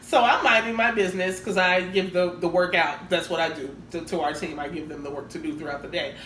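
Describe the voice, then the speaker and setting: A woman co-hosting a podcast, telling a work story in relaxed casual chat. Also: fairly low pitch, a little fast. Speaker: podcast co-host. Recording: roomy echo, faint noise.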